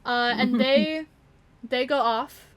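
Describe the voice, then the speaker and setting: A woman narrating a tabletop game as game master, laughing as she goes and pausing often. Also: sits high, steady tone, smooth, dry recording.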